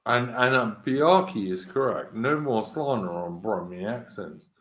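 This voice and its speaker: A man's voice: mid-range voice, lively intonation, a little slow, reverberant, low-quality recording. A man hosting a casual chat, blunt and matey, swearing freely. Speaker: host.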